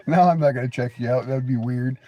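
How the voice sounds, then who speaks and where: A man's voice: medium pitch, brisk, dark tone, no room sound. A man hosting a casual livestream, rambling, joking, laughing often and teasing viewers with crude banter. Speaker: livestream host.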